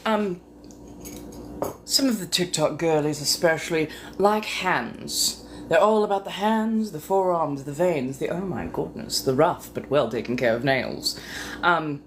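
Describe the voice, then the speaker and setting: A woman chatting casually with viewers on a live stream, teasing and flirty, full of innuendo and muttered asides. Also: fairly low pitch. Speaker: livestream host. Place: home. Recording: steady room noise behind voice.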